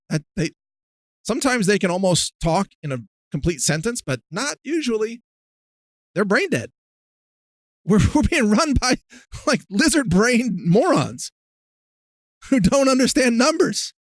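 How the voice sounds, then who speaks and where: Guy ranting on his podcast, kinda high voice, super dry sound, sarcastic and mocking. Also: no echo. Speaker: podcast host. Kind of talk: ranting political monologue.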